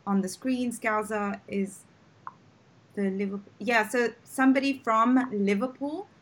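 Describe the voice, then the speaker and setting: A woman's voice: on the high side, fairly even intonation, measured pace. A woman hosting a live-streamed English lesson, encouraging and laughing often as she quizzes her guest. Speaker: English teacher, host.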